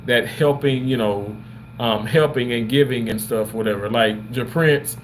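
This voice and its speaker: A man's voice: medium pitch, moderate pace, a little hiss or hum. A man hosting a casual livestream from a hotel room, reading viewer comments aloud and thanking people over and over in emotional, gushing, religious phrasing.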